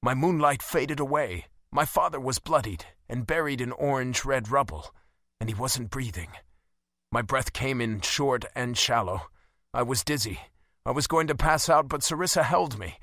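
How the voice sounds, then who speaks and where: Male first-person narrator, dramatic and charged, bright tone. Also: medium pitch, moderate pace, dry recording, studio quality. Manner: dramatic, emotionally charged delivery. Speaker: audiobook narrator.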